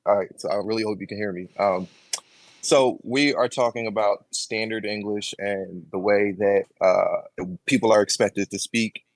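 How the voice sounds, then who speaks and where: A man joining an online debate panel from his phone, asking a long question with many pauses and fillers. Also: lowish voice, steady tone, no room sound, low-quality recording. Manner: hesitant, many fillers while building a question. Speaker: panel participant. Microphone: phone over voice chat.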